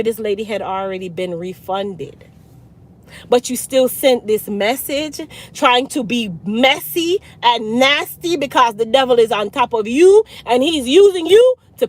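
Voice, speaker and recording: A woman with a Jamaican accent, a hair care business owner telling a storytime, blunt and animated, slipping into patois. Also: fairly high pitch. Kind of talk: storytime vlog.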